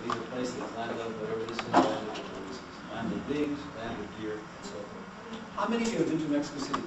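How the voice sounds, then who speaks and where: A man lectures a class quickly and with animation in a medium-pitched voice, patiently explaining and questioning the students. It's captured in a lecture room, sounding distant, noisy and heavily echoey.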